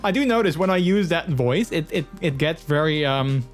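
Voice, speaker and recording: A young man chatting casually with his stream viewers in a rambling, playful way, laughing easily and filling pauses. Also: a little high, lively intonation, soft background music. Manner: rambling, playful, quick to laugh, many fillers. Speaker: live streamer.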